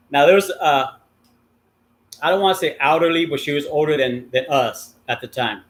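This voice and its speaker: A middle-aged man with a slightly high, fairly bright voice hosts a livestream, rambling through a long story. He curses freely and fills the gaps with plenty of ums and uhs.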